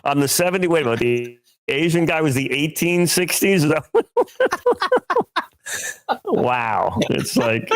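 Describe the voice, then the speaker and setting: A man co-hosting a comedy podcast, talking in a rambling, animated way and laughing often. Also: fairly high pitch, unhurried, long pauses. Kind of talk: casual comedy podcast chat.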